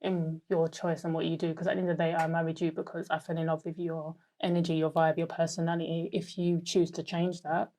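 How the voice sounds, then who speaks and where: A woman's voice: sits low, little pitch movement, a little fast, hardly any pauses, dark tone. A woman with a British accent from London, being interviewed in an easygoing, chatty way with frequent giggles. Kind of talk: casual chat.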